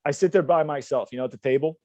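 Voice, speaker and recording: A young male podcast co-host tells rambling, profane stories and laughs on a casual show. His voice is a little high, rapid-fire, and darkish, with no echo. The audio is dull and lo-fi.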